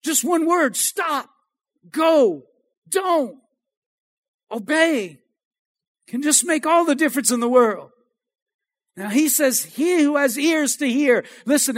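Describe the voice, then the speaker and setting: A male pastor preaching a sermon in a church, calling out to the congregation for amens and rising to shouts. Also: very high voice, lively intonation, slow pace, long pauses. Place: church sanctuary.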